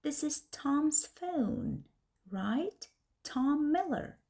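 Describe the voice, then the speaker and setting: A woman's voice: sits high, sing-song, very slow, vocal fry, warm tone, voice pushed up, heavily acted. A woman voicing an upset man on the phone, a worried business partner who pleads urgently and sounds close to tears. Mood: pleading.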